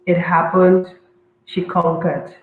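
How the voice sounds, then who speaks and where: A woman guest answering an interview question in a measured, thoughtful way. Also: lowish voice, little pitch movement. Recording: tinny call line in an echoey room.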